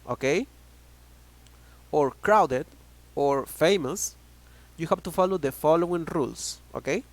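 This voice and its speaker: A man with a Spanish accent teaching an online English grammar class, talking slowly, repeating words and checking in with "okay?" again and again. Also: on the high side.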